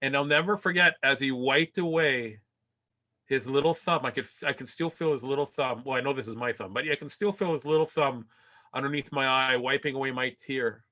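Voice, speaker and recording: Bright-voiced man telling a story. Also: mid-range voice, fairly quick. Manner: animated, self-deprecating storyteller who acts out quotes; turns soft and earnest in emotional passages. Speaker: keynote speaker. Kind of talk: motivational storytelling talk.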